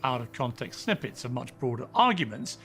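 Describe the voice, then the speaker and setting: A man's voice: medium pitch, very animated, a little fast, music in the background. A man presenting a debate show, introducing guests and posing pointed questions.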